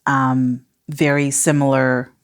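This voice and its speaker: Low-pitched woman co-host, casual and playful. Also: level tone, slow pace. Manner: playful, teasing interjections. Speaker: podcast co-host. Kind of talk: casual podcast chat.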